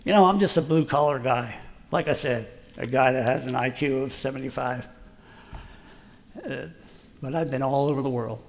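A man's voice: mid-range voice, moderate pace, gravelly, pauses often. A man preaching a folksy, emphatic sermon, joking at his own expense as a plain working guy. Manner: folksy, self-deprecating, emphatic. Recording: long hall reverb.

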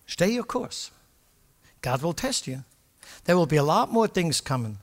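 An older man preaching a sermon with passion, moving from quiet asides to loud declarations. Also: on the high side. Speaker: pastor. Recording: long hall reverb.

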